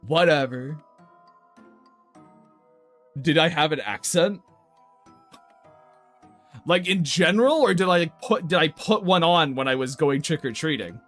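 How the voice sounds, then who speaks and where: A high-pitched young man hosting a stream, bantering with his chat. He is playful and mock-indignant. Faint music plays behind him. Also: measured pace, pauses often. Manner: animated, playful, mock-indignant with frequent laughs. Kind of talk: casual chat with stream viewers.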